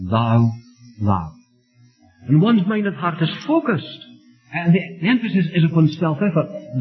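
A man leading a Bible study, teaching in a measured, emphatic way and repeating key phrases. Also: a little high, muffled recording.

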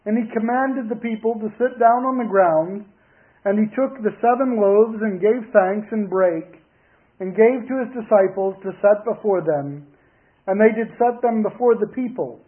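A male pastor preaching a sermon, reading scripture aloud in a measured, deliberate way. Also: high voice. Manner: measured, deliberate reading in King James wording. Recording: tinny phone-like broadcast audio.

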